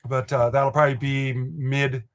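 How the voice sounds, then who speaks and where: A man's voice: medium pitch, little pitch movement, normal speed. An older man from Montana hosting a live model train stream, chatting in a rambling, folksy way and chuckling as he reads viewer comments. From Montana, USA.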